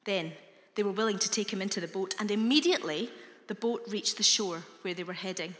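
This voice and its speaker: A woman reading scripture aloud in a slow, deliberate way. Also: medium pitch. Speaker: scripture reader. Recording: reverberant hall.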